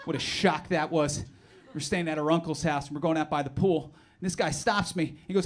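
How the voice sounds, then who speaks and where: A man from New Jersey doing a stand-up comedy set, sarcastic and animated, with mock-outraged asides. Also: a little high, fairly quick. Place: comedy club stage, live audience. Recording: live club recording with audience noise.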